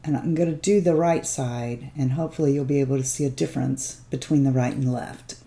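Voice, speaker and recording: Woman, low voice, makeup tutorial, gentle step-by-step instruction. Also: steady tone, fairly quick. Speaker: beauty vlogger.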